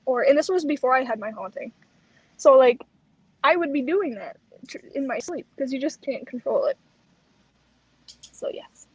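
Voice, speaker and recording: A woman co-hosting a chat show, telling a personal story in a lively way and acting out the lines she quotes. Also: high voice, normal speed, pauses often, husky, no room sound, rough recording. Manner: animated, acts out quoted lines. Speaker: co-host.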